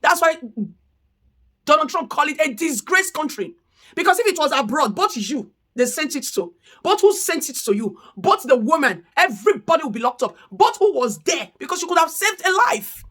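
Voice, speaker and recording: A woman's voice: sits high, big pitch swings, normal speed, fairly bright tone. A woman giving an impassioned commentary rant, firing off repeated rhetorical questions. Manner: indignant, repetitive rhetorical questions. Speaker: commentary vlogger.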